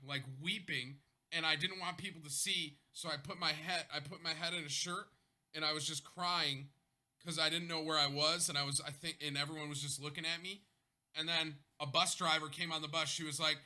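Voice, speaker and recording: Bright, animated young male streamer. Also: on the high side. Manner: rambling, self-interrupting, animated. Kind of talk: casual storytelling to a live chat.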